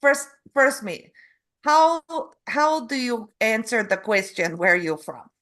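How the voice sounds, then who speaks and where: A woman who interviews her guest in a halting way, searching for words and restarting her phrases. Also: on the high side, big pitch swings, a bit bright. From Canada. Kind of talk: casual interview.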